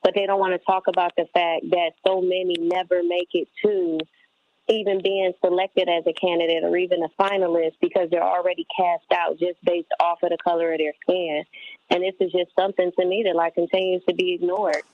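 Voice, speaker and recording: A woman's voice: fairly low pitch, level tone, a little fast. A woman calling into a radio talk show, speaking earnestly and agreeing with the host. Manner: earnest, agreeing with short backchannels. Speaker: caller. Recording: tinny phone line.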